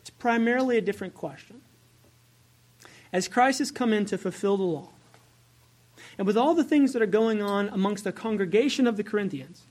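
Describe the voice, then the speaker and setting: Brief: female preacher, mid-pitched, conversational sermon, poses questions, self-corrects. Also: darkish tone. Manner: conversational, asks the congregation questions; self-correcting as she goes.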